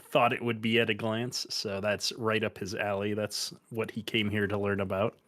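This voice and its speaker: Low-voiced stammering role-play player man. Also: flat delivery, normal speed, a bit bright. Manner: hesitant, stammering restarts. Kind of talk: in-character tabletop role-play.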